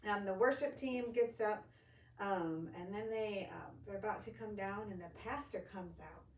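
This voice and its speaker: Echoey animated woman storyteller. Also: mid-range voice, normal speed. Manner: animated storyteller acting out quoted voices. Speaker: ministry executive director, guest. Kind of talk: casual storytelling interview. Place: church studio or room. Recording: echoey room, distant mic, faint hiss.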